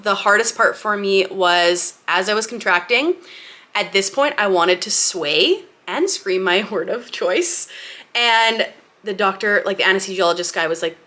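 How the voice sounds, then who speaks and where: A young woman speaks to camera in a bright, ringing voice, her tone crisp and forward. She tells her story casually and candidly, laughing often and acting out what people said along the way. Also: medium pitch. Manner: chatty and candid, laughing often, with lively acted-out quotes. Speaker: lifestyle vlogger.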